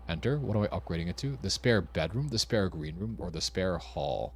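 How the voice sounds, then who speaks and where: Brief: young male streamer, low voice with lively swings, puzzling aloud, faint music behind. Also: fairly quick, few pauses, slight background noise. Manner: thinking aloud, puzzling over clues. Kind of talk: casual gameplay commentary.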